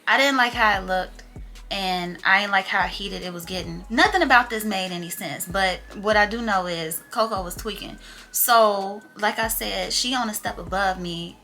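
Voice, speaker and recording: A young woman vlogger telling a story in casual, slangy chat and acting out what people said. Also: mid-range voice. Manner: animated, slangy storytelling that acts out quotes.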